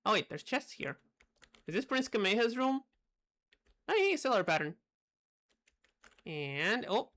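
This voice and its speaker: A woman's voice: medium pitch, sing-song, a little slow, long pauses, a bit bright. A young woman streaming a game live, reacting with wry, sarcastic asides. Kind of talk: live gameplay commentary.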